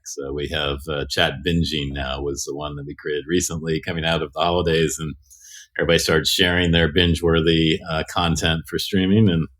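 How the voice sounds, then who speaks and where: Male executive guest, very low voice, relaxed, halting with fillers. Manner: easygoing, frequent "uh" pauses. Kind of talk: casual podcast chat.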